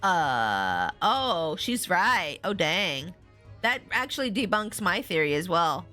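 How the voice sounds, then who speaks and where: A woman's voice: on the low side, sing-song, slow pace, pushed and bright, faint music behind. A young adult woman streaming a game, making playful, giggly asides. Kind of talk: casual game-stream commentary.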